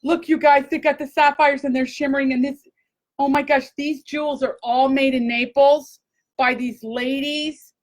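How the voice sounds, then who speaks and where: A woman hosting a casual live chat, gushing and excitable, talking straight to her viewers. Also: high voice, moderate pace, poor audio. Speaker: host.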